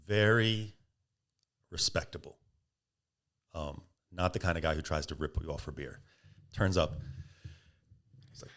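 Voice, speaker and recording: A man's voice: very deep voice, normal speed, long pauses. A man, a podcast guest, casually telling a story and acting out what people said. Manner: animated, acts out quoted speech.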